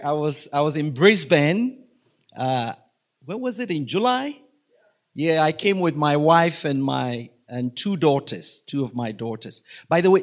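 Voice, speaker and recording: A middle-aged man giving a humorous faith talk to a school audience, chatty and laughing, often asking the listeners questions. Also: on the high side. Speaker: guest speaker.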